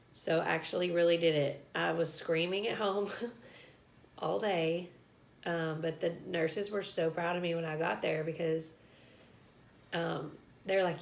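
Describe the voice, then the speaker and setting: A woman's voice: on the low side, gravelly. A young woman, telling a personal story to camera in a chatty, casual way, laughing and filling with "like" and "um.". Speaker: vlogger.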